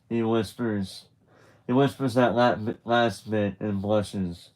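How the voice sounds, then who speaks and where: A man's voice: on the low side, steady tone, slow pace, darkish tone, low-quality recording. A man narrating a graphic novel aloud on a live stream, casual and chatty, with restarts and asides. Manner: loose and chatty, with restarts and laughter.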